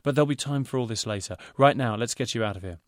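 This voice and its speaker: A man voicing a fussy male fashion designer who talks in rapid, pompous salesman's patter. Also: mid-range voice, no room sound, studio quality, lightly acted. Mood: courteous eager.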